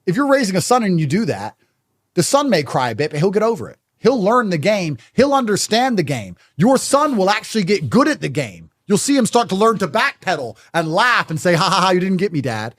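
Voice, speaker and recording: A man's voice: high-pitched, big pitch swings, brisk. A man speaking as a guest in a podcast conversation, blunt and emphatic in his statements.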